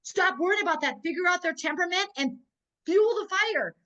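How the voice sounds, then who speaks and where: The highs are clipped off in this recording of a network marketing trainer, a woman with a very high-pitched, brisk voice. Teaching her sales team on a video call, she spins lively stories and repeatedly checks in with the group.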